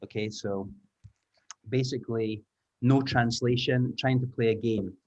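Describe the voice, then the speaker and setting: A man leads an online class with lively encouragement and patient explanations. His voice has an ordinary middle pitch and comes over a slightly muffled call line. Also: a little slow. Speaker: teacher trainer. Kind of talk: online language lesson. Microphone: video call.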